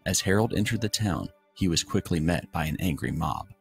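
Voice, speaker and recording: Male narrator, very deep, gravelly, scripted documentary narration, music bed. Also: lively intonation, a little fast. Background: background music.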